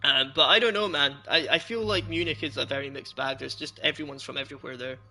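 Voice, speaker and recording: A man's voice: a little high, quick pace, sharp tone. A young Scottish man streaming a game, rambling loosely, laughing often as he chats with his viewers. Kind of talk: casual chat while streaming a game.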